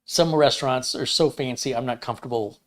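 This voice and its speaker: A man's voice: medium pitch, a little fast. Rambling self-mocking fifties man. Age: 50s. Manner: rambling, self-deprecating, jokey. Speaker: livestream host. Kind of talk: casual live chat.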